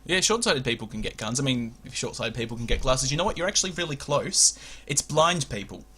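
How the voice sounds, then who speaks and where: A man's voice: medium pitch, lively intonation, fairly quick, bright, forceful tone, husky. A man hosting a comedy podcast, joking and laughing often as he chats. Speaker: podcast host. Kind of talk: casual comedy podcast chat.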